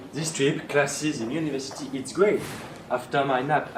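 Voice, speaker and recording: A man's voice: medium pitch, background noise. A young Frenchman with a French accent, narrating a playful, mock-outraged comic vlog in English. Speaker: vlogger.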